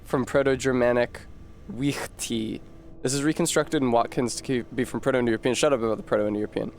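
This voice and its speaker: A man's voice: medium pitch, fairly even intonation, fairly quick, slight background noise. A man streaming a game, rambling to chat and reading word origins aloud with casual swearing.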